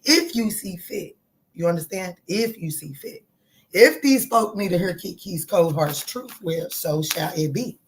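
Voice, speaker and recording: A woman giving a casual tarot reading, talking in a chatty, animated way, swearing and joking with her viewers. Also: lowish voice, takes it slowly, slight background noise. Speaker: tarot reader.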